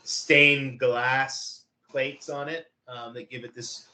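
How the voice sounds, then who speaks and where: Bright-voiced game master man. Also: medium pitch, steady tone, echoey room, low-quality recording. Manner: descriptive, halting with many fillers. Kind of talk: narrating a tabletop game.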